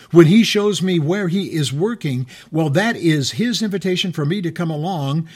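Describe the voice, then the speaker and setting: A man's voice: fairly high pitch, breathy edge. A middle-aged man preaching a sermon in a conversational way, with frequent restarts and questions to the listeners. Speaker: pastor.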